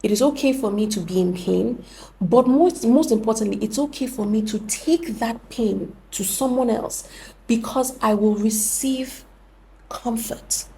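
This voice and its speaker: Gravelly-voiced woman explaining earnestly. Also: on the high side, unhurried, dark tone, a little hiss or hum. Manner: earnest, explanatory, corrects herself mid-sentence. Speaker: podcast host. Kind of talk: reflective podcast talk.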